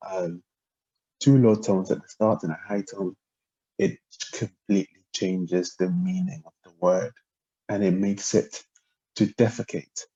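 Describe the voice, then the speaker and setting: A man teaching a language lesson, explaining word tones in a hesitant way with many pauses and ums. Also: lowish voice, mellow, husky. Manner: hesitant, lots of ums, spells out syllables and tones. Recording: dull lo-fi audio without a proper mic.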